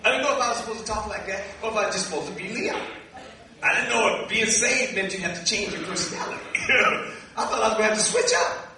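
A man preaching a sermon, a lively storyteller who acts out dialogue and laughs along the way. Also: high voice, fast, crowd noise. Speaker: minister. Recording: echoey hall from a distance.

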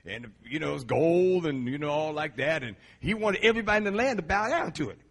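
Man, middle-aged, husky, bright, fairly high voice, storytelling sermon, animated. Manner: animated, laughing, drawn-out emphasis. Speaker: Christian musician and preacher.

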